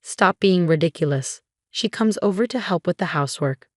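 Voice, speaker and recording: A woman's voice: on the low side, lively intonation, moderate pace, dry recording, studio quality. Woman reading as a harsh, hot-tempered young husband. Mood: angry. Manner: curt and angry.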